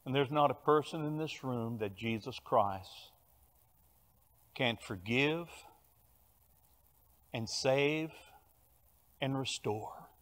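An older man with a Cajun Louisiana accent preaching a sermon, telling stories with animated bursts of loud emphasis. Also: mid-range voice, slow pace, pauses often. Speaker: pastor. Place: large church sanctuary. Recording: long church hall reverb.

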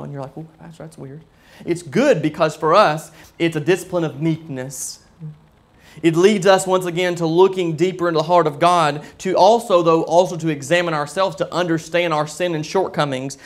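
A man in his thirties preaching a sermon as pastor, earnest, often dropping to a soft near-whisper. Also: a little high, creaky.

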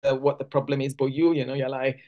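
A woman's voice: very deep voice, level tone, quick pace, warm tone, lo-fi sound. A woman from Nigeria, giving a conversational teaching talk at a church service, often restarting sentences and acting out quoted speech. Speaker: church speaker.

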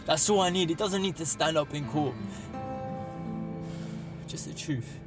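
A man's voice: fairly high pitch, brisk, over music, lightly acted. A man playing a blunt, hot-headed young man who swears a lot. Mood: insistent. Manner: blunt, sweary, tense and stubborn. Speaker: actor in showreel scenes. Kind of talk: naturalistic screen acting.

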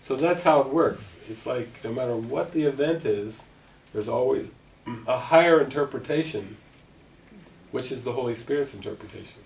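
A man's voice: mid-range voice, moderate pace, creaky. A middle-aged man giving a spiritual talk to a gathering, telling stories and acting out conversations. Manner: animated storyteller, acting out dialogue. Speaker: spiritual teacher. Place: meeting room at a gathering. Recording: distant mic with faint noise.

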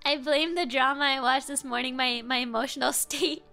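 A woman's voice: high-pitched, steady tone, normal speed, creaky, bright, forceful tone, faint music behind. A woman streamer commenting on a game playthrough, reacting emotionally with gasps and chatty asides to her chat.

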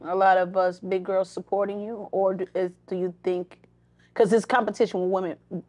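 A woman's voice: medium pitch, flat delivery, brisk, darkish tone. A woman co-hosting a casual interview, asking questions in a chatty, frank way. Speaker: co-host.

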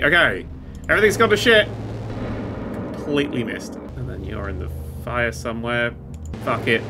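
A man giving loud, swearing, excitable live commentary while streaming a game, with sudden yelps and laughs. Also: medium pitch, normal speed, pauses often, slight background noise.

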